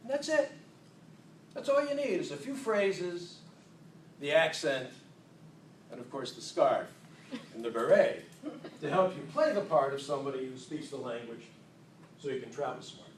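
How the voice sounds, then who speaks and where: A man giving a humorous contest speech to an audience in a hall, playful and self-mocking, with unhurried comic timing. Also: fairly high pitch, very animated, a little hiss or hum. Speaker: contest speaker. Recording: echoey hall, distant mic.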